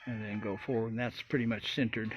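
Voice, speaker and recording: A man's voice: lowish voice, little pitch movement, fast. A man giving a casual, rambling walkthrough of his boat-building work in an open-air workshop, with many fillers and folksy asides. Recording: dull lo-fi audio, loud roosters and traffic.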